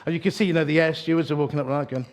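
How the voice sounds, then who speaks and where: Chatty preacher telling stories. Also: male voice, fairly high pitch, fairly even intonation, rapid-fire. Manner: chatty, self-deprecating humor, frequent restarts. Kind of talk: storytelling sermon. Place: church evening gathering.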